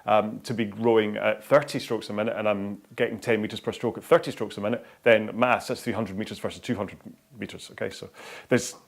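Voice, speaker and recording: A man's voice: lowish voice, fairly even intonation, brisk, gravelly. A man hosting a live rowing workout stream, talking in a chatty, rambling way with lots of fillers and restarts.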